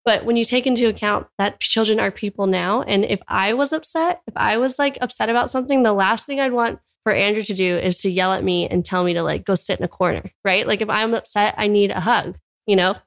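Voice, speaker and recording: A woman's voice: mid-range voice, fairly quick, creaky, hardly any pauses. A young woman from California, a podcast guest, explaining her views earnestly in a casual interview and filling her long sentences with "like". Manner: earnest, talks in long runs peppered with "like".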